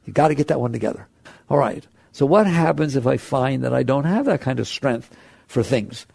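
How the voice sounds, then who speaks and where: A man's voice: mid-range voice, animated, brisk, creaky, darkish tone, dry recording. A man giving a spiritual talk to an audience, conversational, laughing often and asking rhetorical questions. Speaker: spiritual teacher.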